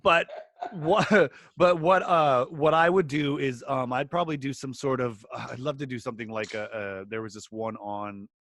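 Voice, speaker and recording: A man co-hosting a podcast, telling stories in a halting, rambling way with lots of restarts. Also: medium pitch, fairly even intonation, fairly bright tone. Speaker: podcast co-host. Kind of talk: casual comedic chat.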